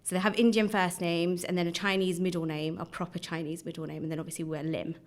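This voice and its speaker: Podcast guest: chatty woman, 30s, lowish voice, laughs a lot. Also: level tone, fast. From Birmingham, England. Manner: laughs often, chatty anecdotes. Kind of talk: casual chat.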